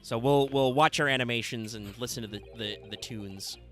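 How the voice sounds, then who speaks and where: A man's voice: mid-range voice, moderate pace, fairly bright tone, soft background music. A man casually commentating a story game he is playing, joking with a co-host. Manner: jokey, chatty. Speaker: let's play host.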